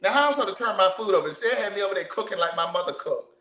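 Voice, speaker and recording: A man telling stories loudly and animatedly while cooking, full of profane banter with his viewers. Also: sits high, animated, very fast, reverberant. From Baltimore, USA. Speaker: vlogger. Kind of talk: casual storytelling while cooking.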